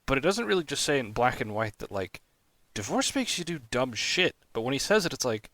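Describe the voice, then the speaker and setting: A man's voice: mid-range voice, very animated, fairly quick, a bit bright, dry recording. A man co-hosting a podcast in casual chat, agreeable and chiming in with short remarks. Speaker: podcast co-host.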